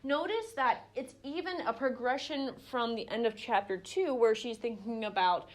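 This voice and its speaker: Hardly pausing, a young woman with a fairly high voice talks at a normal speed while teaching a small Bible study group. Her style is conversational, full of fillers and restarts, and she performs the voices of those she quotes.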